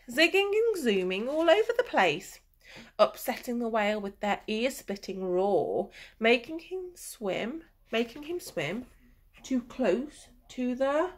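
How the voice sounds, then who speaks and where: A woman reads a picture book aloud to young children, her voice high and her pace slow and unhurried. She speaks gently in a sing-song way, pausing to ask the listener questions and sometimes dropping to a whisper.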